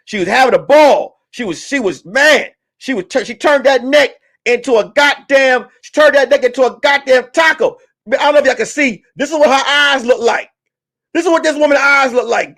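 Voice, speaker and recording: A man hosting a comedy talk stream, ranting loudly and profanely about the news. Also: very high voice. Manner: loud, animated, profane ranting. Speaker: comedian host. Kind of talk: comedic commentary.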